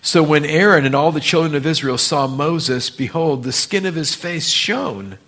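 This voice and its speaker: A man's voice: on the high side, animated, normal speed, a bit bright. A man teaching a Bible study in a casual, explaining way, with frequent fillers and asides to his listeners.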